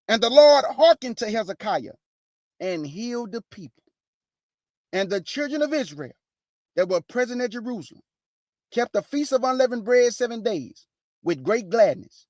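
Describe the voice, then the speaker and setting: A woman hosting an informal Bible teaching, reading verses slowly and firmly and breaking in with pointed rhetorical questions in a casual, plain-spoken way. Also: on the high side, big pitch swings, darkish tone, dry recording. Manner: casual, plain-spoken, addresses listeners as "y'all".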